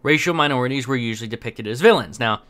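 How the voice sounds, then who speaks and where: A young man talking straight to camera in an offhand commentary, circling his points with plenty of ums and false starts. His voice has a bright, edgy tone and sits at an ordinary middle pitch. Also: fast talker. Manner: rambling, many fillers and restarts. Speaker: commentary host. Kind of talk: casual opinion commentary.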